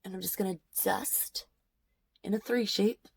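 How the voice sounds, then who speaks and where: A woman's voice: medium pitch, fairly even intonation, a little slow, vocal fry, husky. A woman in her thirties vlogging at home, telling an upsetting story in an outraged, emphatic way while doing her makeup and repeating herself for effect. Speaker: beauty vlogger. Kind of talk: emotional storytime rant during makeup routine.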